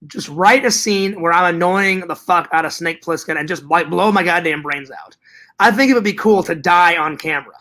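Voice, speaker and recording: A man's voice: high voice, bright, forceful tone. A man hosting a casual livestream chat, reading viewer comments aloud and rambling, repeating himself and swearing freely.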